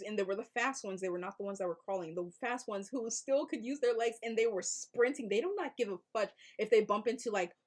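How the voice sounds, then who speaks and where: A woman vlogger recapping a movie in casual chat, animated and laughing, with loud exaggerated outbursts. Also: mid-range voice.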